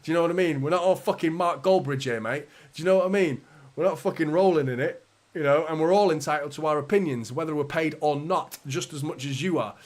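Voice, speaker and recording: A man from England hosts a live football fan stream, chatting straight into a streaming mic. He reads viewers' comments aloud and answers them in a loose, defensive, conversational way. He swears casually and laughs between his points. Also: fairly high pitch. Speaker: football fan channel host. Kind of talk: live stream chat reading.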